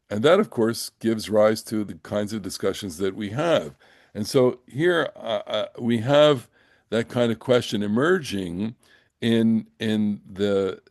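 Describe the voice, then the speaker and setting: Older man teaching Torah, low, dry. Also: darkish tone, no room sound. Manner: halting, full of fillers and restarts; reads Hebrew verses slowly, then translates. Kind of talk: Bible class lecture with Hebrew reading.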